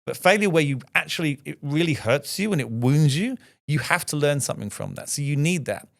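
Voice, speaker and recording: A man's voice: a little high, lively intonation, brisk, vocal fry, no echo, clean studio sound. A middle-aged man speaking as a podcast guest, reflective and emphatic, often adding rhetorical "right?" asides.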